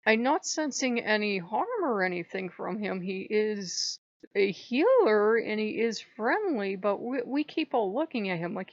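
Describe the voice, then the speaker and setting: A woman's voice: medium pitch, big pitch swings, unhurried, dry recording, muffled recording. A woman vlogging casually about her spiritual practice, rambling and irreverent, laughing often. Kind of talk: casual monologue to camera.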